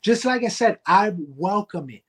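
A man with a fairly high voice sits in as a guest on a wrestling podcast. He is a heavyweight champion and talks with swagger, brushing off his rivals and boasting freely. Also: animated, a little slow, slightly rough. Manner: cocky trash talk. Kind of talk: podcast interview.

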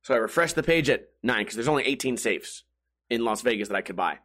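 A man hosting a podcast, telling rambling, profane stories in a casual, comedic monologue with jumpy, animated delivery. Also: mid-range voice, fast. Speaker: podcast host.

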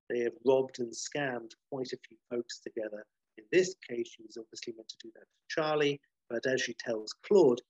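Husky man, casual rambling storyteller, sweary, dull dry recording. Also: medium pitch, no room sound. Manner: rambling, sweary, lots of fillers and restarts.

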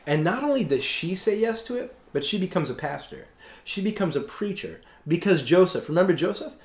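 A man preaching in an easy, conversational style, his somewhat high voice rising and falling a lot. He keeps checking in with the room. The sound is echoey and roomy. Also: a little mellow. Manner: conversational, keeps asking "right?". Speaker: pastor. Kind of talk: sermon.

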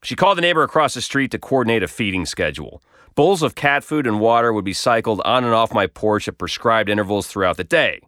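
A man's voice: fairly low pitch, animated, fast talker, fairly bright tone, no echo. A man reading his own comic story aloud with wry, dry humor. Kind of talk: scripted narration.

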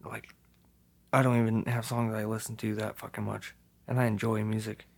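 Young dude rambling on a podcast, cusses a ton, talks in quick bursts. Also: male voice, lowish voice, flat delivery, gravelly. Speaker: podcast co-host. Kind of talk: casual chat.

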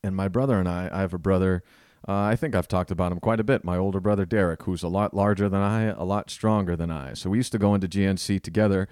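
A man hosting a podcast, telling a rambling, self-deprecating story in a casual, animated way. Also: low voice, fast, smooth, no echo, studio quality. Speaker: podcast host. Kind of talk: casual comedic storytelling monologue.

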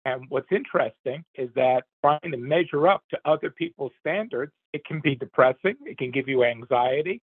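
A man's voice: mid-range voice, normal speed, hardly any pauses, breathy edge. An older man, the host's father, rambling earnestly through his opinions in a casual commentary. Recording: tinny phone line.

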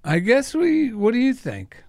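A man's voice: very high-pitched, huge pitch swings, unhurried, vocal fry, no room sound, studio quality. A man co-hosting a podcast in casual chat, with reflective, spiritual musings. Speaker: podcast co-host.

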